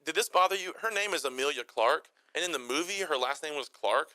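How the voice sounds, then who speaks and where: A young man co-hosting a movie chat, talking fast with a bright, forward tone. He jokes around and tosses in goofy voices for the characters he mocks. The dry, close mic leaves no room echo. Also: a little high, lively intonation. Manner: quick, joking, puts on silly voices for characters. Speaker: podcast co-host. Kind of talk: casual movie review chat.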